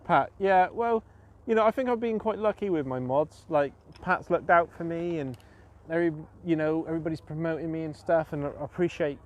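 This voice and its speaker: A man's voice: fairly high pitch, brisk. A man chatting casually on his fishing live stream as host, self-mocking and full of fillers and restarts.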